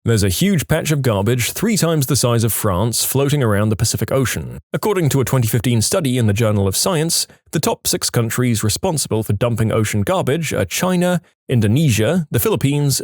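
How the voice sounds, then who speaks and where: A man hosting a podcast, reading online posts aloud in an animated way and dropping wry asides between them. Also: mid-range voice, dry recording, clean studio sound.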